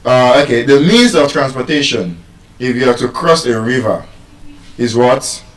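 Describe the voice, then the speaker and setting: A man with a Nigerian accent giving a live talk on pronunciation to an audience, playful and teasing, repeating words slowly to drill them. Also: medium pitch, animated. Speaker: public speaker teaching pronunciation. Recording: echoey hall, voice from far off.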